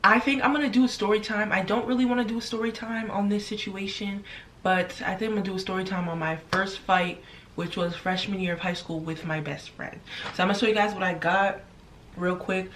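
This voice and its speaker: A woman's voice: medium pitch, steady tone, brisk, a bit bright, slight background noise. Chatty young woman doing a story time in her room, swears a lot, mic a bit far off. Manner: chatty, blunt, swears freely. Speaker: vlogger. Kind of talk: casual story time while eating. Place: her bedroom.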